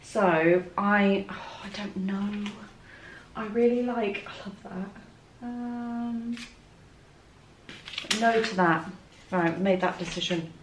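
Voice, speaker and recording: A woman's voice: mid-range voice, slow pace, pauses often, echoey room, slight background noise. A woman chatting casually while she works in her art studio, thinking aloud and poking fun at herself. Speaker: art vlogger.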